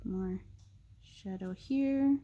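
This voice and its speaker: A young woman narrating a casual drawing tutorial, chatty and thinking aloud with soft muttered asides. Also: mid-range voice, extremely slow, lo-fi sound.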